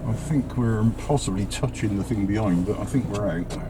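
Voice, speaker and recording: A very noisy recording captures a fairly low-voiced man speaking at a moderate pace while he vlogs on a rainy street and then inside his car. Out of breath and exasperated, he grumbles and swears mildly.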